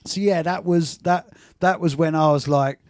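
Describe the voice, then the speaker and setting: A man's voice: fairly high pitch, steady tone, moderate pace, darkish tone, dry recording. A man hosting a music chat show, enthusiastic and often restarting his sentences. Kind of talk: casual interview chat.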